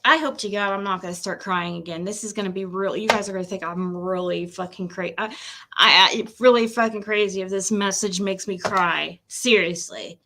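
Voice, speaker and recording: A woman's voice: medium pitch, fairly even intonation, moderate pace, pushed and bright, slight background noise. A woman doing a casual tarot-reading livestream at home, emotional and nervous, laughing between readings and talking to her pet.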